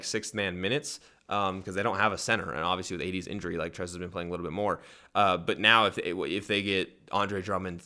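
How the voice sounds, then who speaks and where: A young man hosting a solo sports podcast, rambling, correcting himself often and jumping up in pitch when excited. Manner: rambling, self-correcting, animated with pitch jumps.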